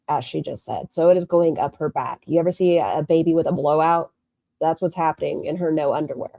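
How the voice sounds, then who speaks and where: Sarcastic woman reacting to a clip, lowish voice, dry close mic. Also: a little fast, vocal fry, warm tone, no room sound. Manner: snarky, mocking, swears freely. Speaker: commentary streamer. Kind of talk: reaction commentary.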